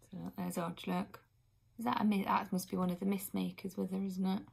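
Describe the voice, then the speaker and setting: A woman reading a children's book aloud expressively, now and then pausing for an aside to her listeners. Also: mid-range voice, little pitch movement, vocal fry, darkish tone, slightly rough. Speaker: reader.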